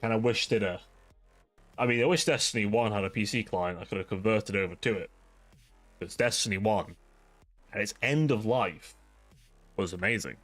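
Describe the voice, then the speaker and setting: Over soft background music, this male livestream host speaks in a mid-range voice at a measured pace, pausing often. His casual chat with viewers is rambling, ranting and profane, with "like" cropping up constantly.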